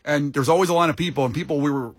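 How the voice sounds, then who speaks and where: Husky-voiced male radio host. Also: fairly high pitch, no echo. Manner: animated, laughing, quick to riff. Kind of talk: casual radio banter.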